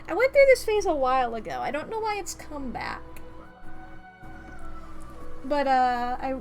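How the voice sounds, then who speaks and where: A woman's voice: high-pitched, big pitch swings, measured pace, soft background music. A woman streamer chatting casually during an ad break, rambling and giggling often, with playful slang.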